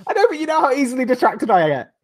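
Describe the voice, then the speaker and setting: A man's voice: very high-pitched, wildly swooping pitch, rapid-fire. A man from the UK co-hosting a podcast, telling a rambling, sweary story with frequent laughs. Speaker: podcast co-host. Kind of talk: casual chat.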